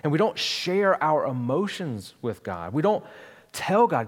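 A man's voice: on the high side, sing-song, unhurried, big-room sound. A man in his thirties preaching a sermon as pastor, conversational and storytelling, with frequent restarts.

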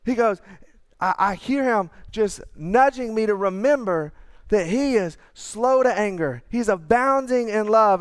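A man preaches with a conversational, earnest warmth, at times falling into hushed asides. His voice sits high for a man and comes across smooth and clear. The sound is close and dry, with little room around it. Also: no echo. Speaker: pastor. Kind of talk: sermon.

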